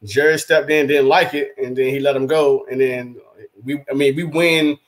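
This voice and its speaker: A man's voice: medium pitch, moderate pace. A man co-hosting a casual sports talk show, rambling and acting out quotes as he goes. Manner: rambling, animated, acts out quotes. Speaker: podcast co-host, rival team's fan.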